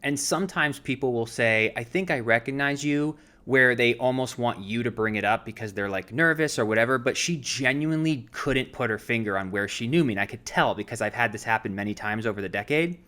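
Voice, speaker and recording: A man's voice: medium pitch, brisk, few pauses. A man in his thirties co-hosting a casual show, telling a long anecdote with lots of fillers. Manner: rambling, filler-heavy, animated retelling. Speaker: podcast co-host, actor. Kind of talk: casual storytelling chat.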